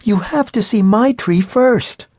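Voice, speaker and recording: Eager little storybook girl, high and breathless, pleading, as a male narrator puts her on; dry, close sound. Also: takes it slowly, a little mellow, no room sound.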